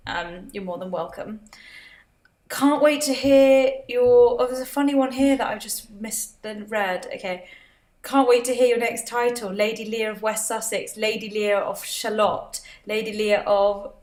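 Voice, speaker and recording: A woman's voice: a little high, measured pace, darkish tone. Chatty woman reading comments. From Britain. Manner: chatty, laughs often, reads out viewer comments. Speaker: livestream host. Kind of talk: casual livestream chat. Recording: roomy echo.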